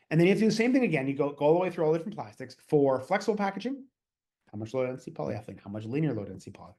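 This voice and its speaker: A man's voice: mid-range voice, mellow. A man from Canada presenting a webinar as a consultant, with a casual, chatty delivery full of fillers and asides.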